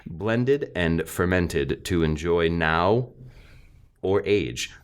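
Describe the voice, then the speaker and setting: Lively low-voiced man hosting a beer podcast. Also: very slow, smooth. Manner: jokey, swears freely, reads labels aloud. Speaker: podcast host. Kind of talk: casual beer-tasting chat.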